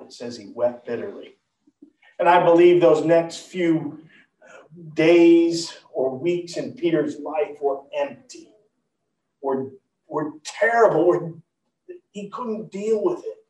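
A man preaching a storytelling sermon, animated, swinging from loud to hushed. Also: on the high side. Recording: roomy, far from the mic.

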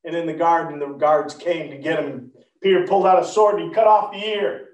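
A man preaching a storytelling sermon, animated, swinging from loud to hushed. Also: a little high, brisk. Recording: roomy, far from the mic.

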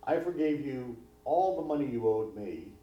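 A man's voice: mid-range voice, expressive, normal speed, lightly acted. A man voicing a stern master who confronts his servant with indignant questions. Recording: distant, echoey, dull hall recording.

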